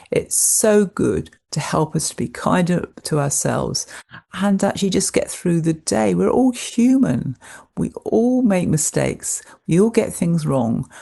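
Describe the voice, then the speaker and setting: A middle-aged woman therapist, calmly and gently talking through numbered self-help tips. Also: deep voice, gravelly. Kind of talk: self-help advice talk.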